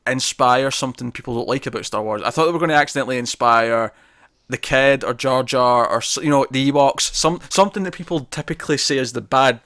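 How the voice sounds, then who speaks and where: Podcast co-host, man, casual, animated scene retellings, dry room. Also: mid-range voice, fast talker, dry recording. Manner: chatty, laughs often, quotes scenes in lively bursts. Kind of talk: casual review chat.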